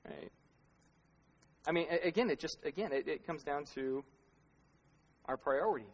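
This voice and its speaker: A man with a fairly high voice preaches in a casual, talky way. He throws out rhetorical questions and owns up to his own faults. His voice rings out with the long echo of a big church hall. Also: normal speed, muffled recording. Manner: conversational preaching with self-deprecating laughs and rhetorical questions. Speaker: pastor. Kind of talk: sermon. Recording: long reverb of a large hall.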